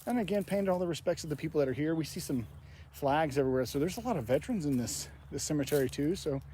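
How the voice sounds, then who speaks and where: A man hosting a paranormal vlog, talking softly and reverently as he walks outdoors. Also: on the high side, lively intonation, fast talker. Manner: soft-spoken, reverent, reads names aloud. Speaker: paranormal investigator host. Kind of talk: casual walking vlog narration. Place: outdoor cemetery. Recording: faint outdoor noise.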